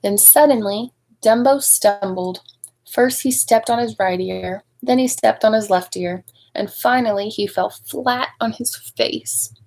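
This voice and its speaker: A woman reading a picture book aloud to young children, expressive and adding chatty asides to her listeners. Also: on the high side, unhurried, rough recording. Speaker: storybook reader at a speech clinic.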